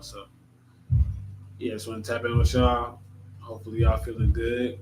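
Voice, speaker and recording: Man, casual reflective vlog, a little tired, relaxed musing, steady background noise. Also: mid-range voice, unhurried, long pauses. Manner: relaxed, musing, speaks to viewers as y'all. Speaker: vlogger.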